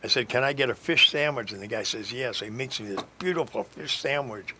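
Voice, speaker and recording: A man's voice: medium pitch, a little fast, very noisy. A middle-aged man telling a long road-trip story as a radio guest, meandering with frequent fillers and restarts. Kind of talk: rambling storytelling.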